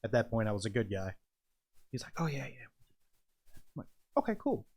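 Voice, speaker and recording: A man's voice: mid-range voice, big pitch swings, a little fast, creaky, a little mellow, slightly rough. A man telling a story in a casual podcast chat, acting out the scenes with quoted voices and sound effects, and often laughing as he talks. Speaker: podcast guest, independent wrestler.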